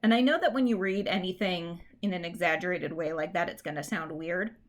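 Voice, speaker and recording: A woman teacher giving a recorded English lesson. She explains in a chatty, informal way and reads verse lines slowly, stressing the beats. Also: lowish voice. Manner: chatty, informal fillers and restarts.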